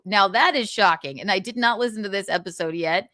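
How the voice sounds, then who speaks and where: A woman's voice: medium pitch, fairly quick, pushed and bright, no room sound, clean studio sound. A young woman hosting a livestream, chatting casually, reading viewer comments and laughing often. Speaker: livestream host.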